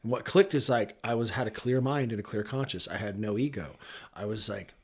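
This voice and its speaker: A man's voice: on the low side, a little fast, a little hiss or hum. A man speaking as a podcast guest, talking in an earnest, reflective way and laughing often. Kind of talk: casual motivational podcast talk.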